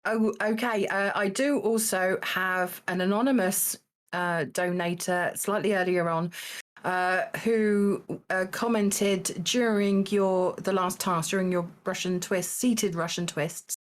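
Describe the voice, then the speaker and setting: A woman's voice: medium pitch, steady tone, slow. A woman hosting a charity live stream in casual chat, amused and laughing often. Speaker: stream host acting as the show's judge.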